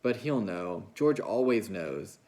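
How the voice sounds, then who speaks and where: A man reading a novel aloud, voicing a big, slow-witted, childlike ranch hand who talks in a plaintive, pleading way. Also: fairly low pitch, animated, a little mellow. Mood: grieving.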